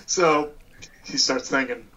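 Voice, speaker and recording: A man playing a tabletop game, animated and laughing at his own lines. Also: medium pitch, takes it slowly, a little hiss or hum. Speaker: player. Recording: distant from the mic.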